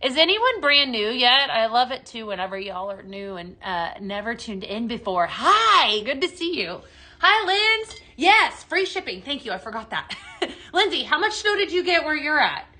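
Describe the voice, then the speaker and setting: A woman's voice: fairly high pitch, big pitch swings, moderate pace, bright, forceful tone. A woman hosting a chatty live shopping stream, bubbly and upbeat as she demos products and greets viewers by name.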